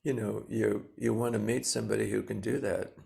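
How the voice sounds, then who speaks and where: A man in his seventies, a Zen teacher giving a dharma talk, speaking slowly and gently with many pauses and fillers. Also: on the low side, level tone, vocal fry. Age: 70s.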